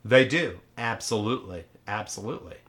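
Bright-voiced man, mock-earnest co-host. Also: fairly low pitch, animated, brisk. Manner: mock-earnest, keeps agreeing, swears freely. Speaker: podcast co-host. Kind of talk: deadpan satirical chat.

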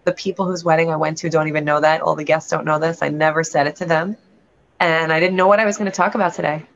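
A woman's voice: low voice, fairly even intonation, quick pace. A woman, a realtor and guest on a show, telling a candid personal story in an earnest, rambling way with frequent restarts. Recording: lo-fi dull sound.

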